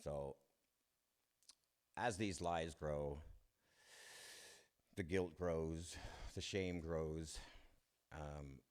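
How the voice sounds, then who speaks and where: Very deep and darkish, this man's voice carries a candid, self-deprecating account of his own recovery. He chuckles frequently and restarts sentences haltingly as he goes.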